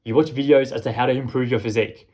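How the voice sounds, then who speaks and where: A young man coaching fitness in a blunt, lecturing way, speaking straight to the camera. His pitch sits at an ordinary middle level for a man. He pushes his point firmly and without softening it. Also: steady tone, fast. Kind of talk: direct-to-camera motivational talk.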